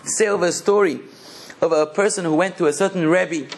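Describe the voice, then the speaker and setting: A man's voice: high voice, a little fast. A man, a rabbi, giving a sermon in a passionate, emphatic preaching manner.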